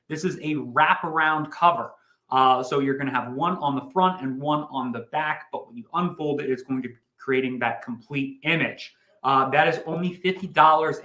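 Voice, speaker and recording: A man hosting a livestream, pitching comic books in a chatty, rambling way with jokey asides. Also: bright, forceful tone, echoey room, low-quality recording. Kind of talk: casual sales pitch chat.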